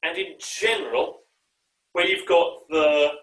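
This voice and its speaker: A man directing an online choir rehearsal, often pausing with ums and uhs and singing short bits of the music to show how a phrase should go. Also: fairly high pitch, fairly bright tone. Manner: demonstrates phrases by singing and speaking them; hesitant, with frequent ums and uhs. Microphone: video call. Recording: echoey room, far from the mic.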